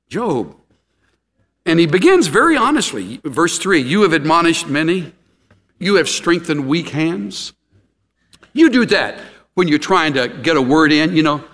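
Lively middle-aged male preacher, hall reverb. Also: fairly high pitch. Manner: animated, acts out quotes with gasps and laughs. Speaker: pastor. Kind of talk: sermon.

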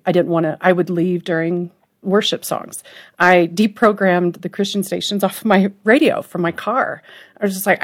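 A middle-aged woman speaks earnestly and openly. Her voice sits a little low for a woman. She talks with strong emotion and in a conversational way. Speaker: podcast co-host and author, guest. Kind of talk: candid faith conversation.

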